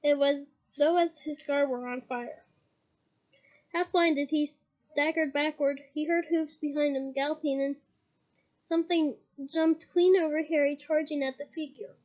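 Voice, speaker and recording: High-voiced young woman reading aloud. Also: steady tone, unhurried, a little mellow, dull audio. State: head cold, occasional coughing. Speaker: reader.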